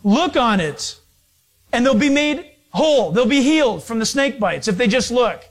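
A man preaching an informal sermon, rambling and joking, laughing often and acting out the people in his stories. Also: moderate pace. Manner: rambling, jokey, laughs often, acts out characters; animated, jumps in pitch when quoting.

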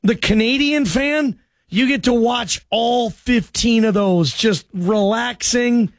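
A man hosting a call-in sports radio show, talking in loose, excitable, joking banter. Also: extremely high pitch, takes it slowly, no room sound.

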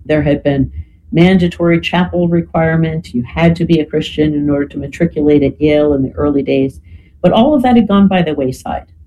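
A lecturer talking through a subject in a relaxed, conversational way. The voice is warm and mellow, with frequent "right?" checks and "you know" fillers. A faint hiss sits under it. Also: medium pitch, fairly quick, poor audio. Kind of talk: explanatory talk.

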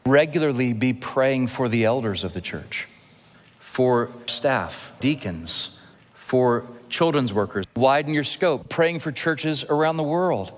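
A man preaches to his congregation in a steady, middle-pitched voice, earnest and now and then gently joking. His words linger in the long reverb of a church hall. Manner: earnest, gently humorous preaching with emphatic pauses. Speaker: pastor. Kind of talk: sermon. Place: church sanctuary.

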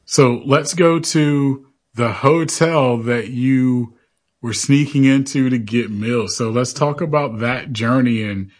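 A man's voice: mid-range voice, takes it slowly. A man hosting an interview, encouraging his guest in a casual, friendly way. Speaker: host. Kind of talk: interview questions.

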